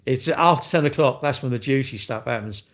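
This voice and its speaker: A man's voice: medium pitch, a little fast. A man chatting casually on a live stream, rambling cheekily and answering comments from chat.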